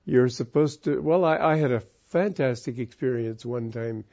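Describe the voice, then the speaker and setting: A man giving a reflective spiritual talk, telling a personal story in a calm, musing way with wandering sentences. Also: mid-range voice, moderate pace. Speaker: spiritual teacher. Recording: muffled lo-fi recording.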